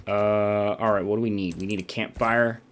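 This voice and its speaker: A man's voice: on the low side, fairly even intonation, normal speed, a little hiss or hum. A sleep-deprived man giving rambling, casual commentary while playing a survival game. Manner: rambling, self-interrupting, chatty. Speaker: gaming YouTuber.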